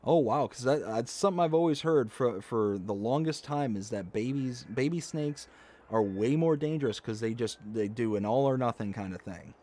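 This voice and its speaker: A man's voice: mid-range voice, animated, normal speed, warm tone. A man hosting a live stream, casually telling an anecdote and reading chat comments aloud, acting out quoted lines.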